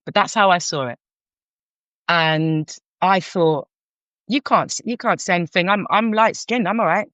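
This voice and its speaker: A woman's voice: on the low side, normal speed, dry recording. A middle-aged woman from North London with a London accent, telling a candid story as a podcast guest, frank and full of restarts. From North London, England. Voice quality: frank, animated, many restarts. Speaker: guest, counsellor. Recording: dull lo-fi sound.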